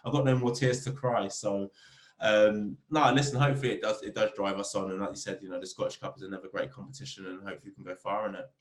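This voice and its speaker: Fast-talking footballer, echoey room. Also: male voice. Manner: animated storyteller, rising pitch when telling funny stories. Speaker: football club captain, podcast guest. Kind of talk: casual interview chat. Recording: roomy echo.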